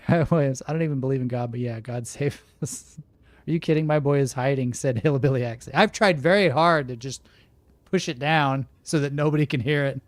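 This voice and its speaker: A man's voice: medium pitch, brisk, dry recording. Chatty Oklahoma man streaming a game. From Oklahoma, USA. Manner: chatty, laughs often, reacts to live chat. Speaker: gaming streamer. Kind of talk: casual gameplay commentary, reading game text aloud.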